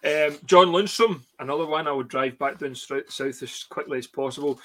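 A man's voice: fairly high pitch, normal speed, bright, forceful tone. A Scottish man hosting a casual football podcast over a video call, blunt and jokey. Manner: jokey, laughs often, blunt. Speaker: podcast host.

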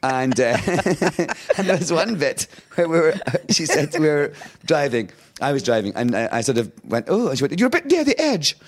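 A man's voice: a little high, normal speed. A Scottish man in his fifties, a talk show guest chatting casually and acting out the voices in his stories with frequent laughter. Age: 50s. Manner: lively storyteller who acts out quotes, laughing often. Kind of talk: casual anecdotal chat.

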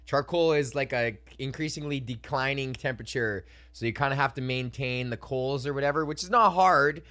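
A man's voice: mid-range voice, moderate pace, sharp tone. A young man hosting a casual solo podcast, ranting, swearing freely and laughing as he acts out customers in voices. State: hiccuping. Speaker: podcast host and comedian.

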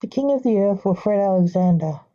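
A woman's voice: medium pitch, expressive, brisk, highs cut off, close to an everyday voice. A woman voicing the emperor's protective older brother in her own plain reading voice. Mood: serious.

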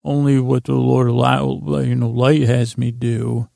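A man's voice: medium pitch, flat delivery, measured pace, creaky, dark tone, no echo, clean studio sound. A man hosting a bedtime podcast, giving a meandering, loose retelling of a TV episode with lots of fillers. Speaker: podcast host. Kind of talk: rambling bedtime episode recap.

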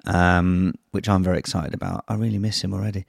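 A man hosting a podcast in casual chat, an animated storyteller who swears freely and acts out voices. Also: low-pitched, fast talker, vocal fry, no room sound, studio quality. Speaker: podcast host.

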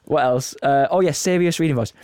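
A young man co-hosting a podcast in casual chat, playful and quick to laugh. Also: on the high side, a little mellow, clean tone, dry recording, studio quality. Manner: playful, laughs often, slips into put-on voices. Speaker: podcast co-host.

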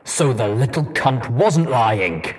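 A man's voice: mid-range voice, lively intonation, takes it slowly, darkish tone, breathy edge. A man doing a bellowing brutal raider stallion. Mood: sneering. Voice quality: snarling, bellowing. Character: huge brutal male raider pony, cruel and impatient. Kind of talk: audiobook character voice.

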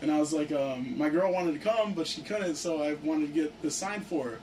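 A young man casually telling a story to friends, excited and profane, filling his talk with "like". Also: on the high side, fairly quick. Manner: excited, profane, heavy use of "like". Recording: distant mic with faint background noise.

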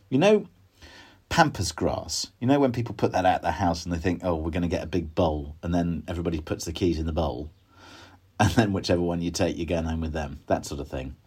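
A man's voice: sits low, a little mellow, slightly rough, no echo. Chatty man touring his garden. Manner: chatty, wry, self-deprecating asides. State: slightly out of breath. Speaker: podcast host. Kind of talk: casual gardening walk-through. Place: outdoors in a garden.

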